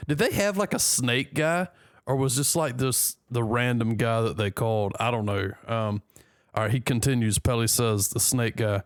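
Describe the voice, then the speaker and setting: A man's voice: mid-range voice, dry recording, studio quality. Joking American man reading the news. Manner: reads aloud haltingly, joking asides. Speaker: news reaction host. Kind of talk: casual reading and commentary.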